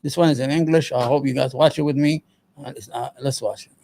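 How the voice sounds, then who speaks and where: A man's voice: medium pitch, fairly even intonation, brisk, gravelly, heavy background noise. A man hosting his own show, giving angry, profane, emphatic political commentary. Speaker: show host.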